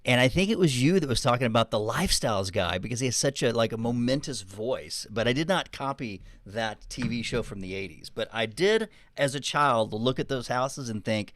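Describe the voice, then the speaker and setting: A man from Texas with a light Texan accent, co-hosting a casual podcast with relaxed, rambling storytelling. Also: mid-range voice, fairly quick, hardly any pauses, dry recording. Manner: easygoing, storytelling, rambling asides. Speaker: podcast co-host.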